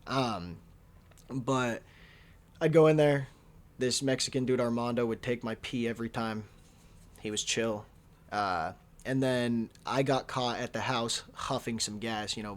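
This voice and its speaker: A young man in his early twenties telling a story from his teens in a casual, profane, laughing way, full of slang. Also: medium pitch. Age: young adult. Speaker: vlogger.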